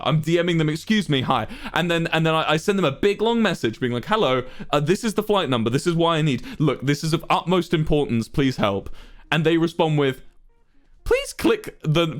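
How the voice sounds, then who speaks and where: A young man from England, a streamer, telling a frustrated story to his chat in a casual, ranting way, swearing and mimicking the people he dealt with. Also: on the high side.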